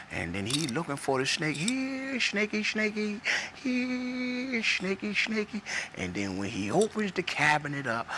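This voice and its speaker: A man's voice: lowish voice, pushed and bright, slight background noise. A man in his forties giving an earnest, preacherly personal testimony, repeating phrases for emphasis and telling a parable. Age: 40s. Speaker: speaker sharing his testimony.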